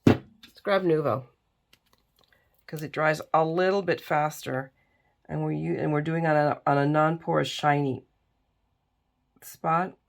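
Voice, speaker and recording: A tired, middle-aged woman talks her way through a crafting project in a relaxed, chatty way. Her voice sits low and has a gravelly edge. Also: measured pace, long pauses. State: tired and yawning. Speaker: crafting video host. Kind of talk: casual crafting tutorial chat.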